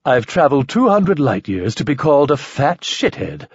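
A sardonic young jester, as a male narrator puts him on, full of mock courtesy. The voice sits a bit high for the reader and stays husky, on a dull, lo-fi audiobook recording. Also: very animated, moderate pace, no room sound. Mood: mock-polite. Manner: sardonic, playfully mock-polite. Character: mocking portly young man in jester costume.

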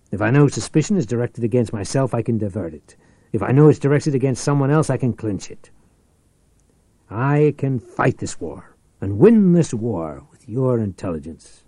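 A man voicing a ruthless, scheming rich businessman who talks forcefully and persuasively. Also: mid-range voice, dry recording, natural voice.

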